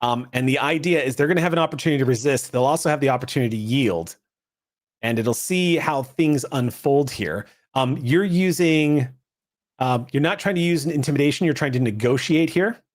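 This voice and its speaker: A man's voice: mid-range voice, brisk. A man running a tabletop role-playing game, narrating scenes and explaining the rules with plenty of fillers. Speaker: game master.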